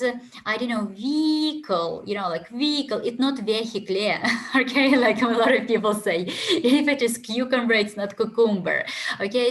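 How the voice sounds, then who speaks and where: A woman with a Ukrainian accent teaching an online English test prep lesson, chatty, with lots of fillers and asides, on a headset mic. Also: fairly high pitch.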